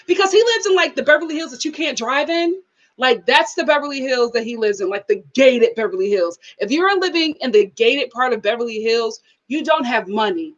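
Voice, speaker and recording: Animated woman chatting live. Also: fairly high pitch, moderate pace, highs cut off. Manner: animated, laughs often, reads chat comments aloud. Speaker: live show host. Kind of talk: casual live review chat.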